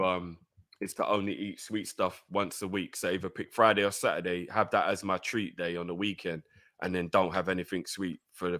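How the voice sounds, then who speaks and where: A man co-hosting a live stream, joking around casually and reading out viewer comments. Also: low-pitched. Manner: animated, jokey, streetwise slang.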